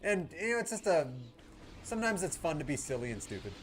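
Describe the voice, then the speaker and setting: A man's voice: fairly high pitch, big pitch swings, fast, a little hiss or hum. A man streaming a game, chatting casually with viewers, with lots of fillers and laughs. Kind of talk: casual livestream chat.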